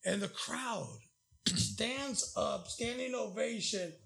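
Man, high voice, gravelly, casual chat, profane storytelling. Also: takes it slowly, fairly bright tone.

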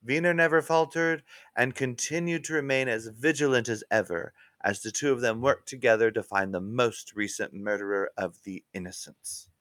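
A man narrating a mystery story in an unhurried, expressive way. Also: medium pitch, no echo.

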